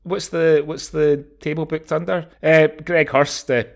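A man's voice: a little high, flat delivery, measured pace, gravelly. Rambling man, casual film chat. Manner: rambling, restarts sentences, swears freely. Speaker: podcast co-host.

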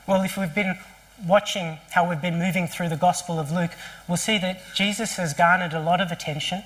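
A pastor preaching a sermon at a church service, telling the story vividly with rhetorical questions and quick restarts. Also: mid-range voice, fairly bright tone.

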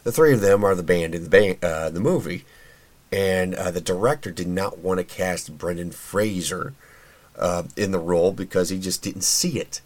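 A man's voice: low voice, normal speed. A man hosting a podcast in a casual solo commentary, chatty and opinionated, with plenty of fillers and restarts. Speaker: podcast host.

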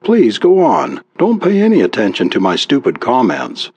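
A man voicing a fussy, doting older wife, warm and sighing, with a pleading, apologetic manner. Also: mid-range voice, huge pitch swings, normal speed, husky, muffled recording.

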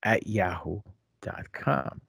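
A man's voice: sits low, expressive, slow pace, creaky, a bit bright, husky, dry recording, studio quality. A man co-hosting a casual podcast, joking around and reading listener emails aloud. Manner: playful, sings and jokes, reads aloud with asides. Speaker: podcast co-host.

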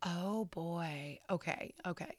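A woman in her twenties, a podcast co-host, telling a story in a casual, animated and heavily profane way. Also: lowish voice, slow, dry recording.

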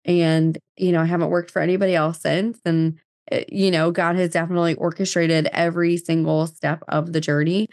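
A woman's voice: fairly low pitch, flat delivery, fairly quick, a little mellow, dry recording, clean studio sound. A woman in her thirties from New Jersey, a podcast guest telling her story in casual chat full of fillers and quoted dialogue.

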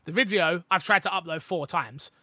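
A man's voice: sits high, normal speed, no room sound, studio quality. A man with a British accent co-hosting a gaming podcast, chatting casually and playfully. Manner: playful, animated, jokes and does voices. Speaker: podcast co-host.

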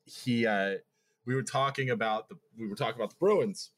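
A man co-hosting a podcast in casual chat. He throws in quick joking asides and swears freely. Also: mid-range voice. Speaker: podcast co-host.

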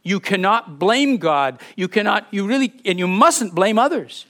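A pastor delivers a sermon with emphatic, expressive preaching. He reads scripture aloud with feeling. His voice sits high for a man. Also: normal speed, few pauses.

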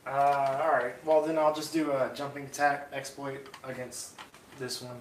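A man's voice: medium pitch, flat delivery, normal speed, reverberant, recorded from a distance, noisy background. A man playing a tabletop game, hesitantly asking about the rules. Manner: hesitant, asks rule questions. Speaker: player. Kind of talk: casual tabletop game session.

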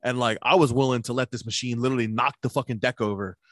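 A man's voice: medium pitch, steady tone, fast, a bit bright, no room sound. Man, casual podcast chat, swears constantly, rambles through stories, dry sound. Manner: profane, rambling, laughs through his stories; acts out both sides of remembered conversations.

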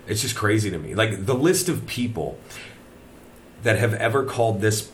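A man's voice: on the low side, lively intonation, moderate pace, slight background noise. A man hosting a podcast in casual chat, laid-back and swearing freely, recorded in an old manor house. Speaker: podcast host.

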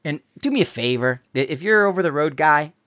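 A man's voice: on the high side, lively intonation, fast, a bit bright, clear, resonant tone. Blunt profane man ranting. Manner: blunt, profane, heated ranting with frequent restarts. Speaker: podcast host. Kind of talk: casual ranting monologue. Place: walking outdoors around a neighborhood.

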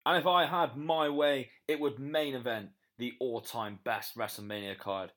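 Young british guy hyping his pick on a podcast, upbeat, middle pitch. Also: fairly even intonation, normal speed, fairly bright tone. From Britain. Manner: upbeat, promotional. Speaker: guest podcaster. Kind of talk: pre-recorded podcast segment.

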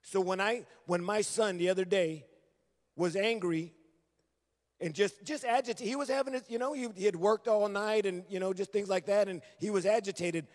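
A middle-aged man, preaching as a guest, earnestly recounts his story, voicing remembered conversations as he goes. He speaks at a normal speed in a high-pitched voice. The church sanctuary gives the long reverb of a large hall.

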